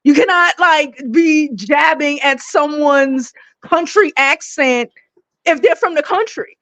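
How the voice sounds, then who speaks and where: A high-voiced woman in her forties from Brooklyn, talking loud, fast and animated with plenty of laughter and cursing. The sound is close and dry. She chats from her home kitchen. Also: no room sound, rough recording. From Brooklyn, New York. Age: 40s. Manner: animated, laughing, swearing freely. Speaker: guest panelist. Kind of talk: casual gossip chat.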